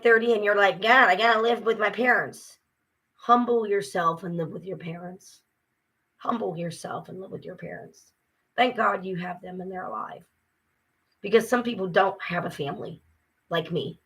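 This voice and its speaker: A woman's voice: medium pitch, moderate pace, sharp tone, husky. A tired woman ranting casually to camera, frustrated and swearing as she vents. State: exhausted. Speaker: vlogger. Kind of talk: casual vlog rant.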